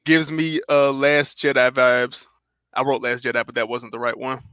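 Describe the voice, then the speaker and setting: Joking guy reading his notes, bright tone, dry room, podcast chat. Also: mid-range voice, level tone, moderate pace, clear, resonant tone, no echo. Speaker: podcast co-host. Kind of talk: casual chat.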